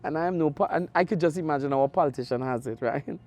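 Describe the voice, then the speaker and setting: A middle-aged man with an Antiguan accent, a radio sports host telling stories in an interview, animated with big jumps in his voice. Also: a little high, fast. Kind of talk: conversational interview storytelling.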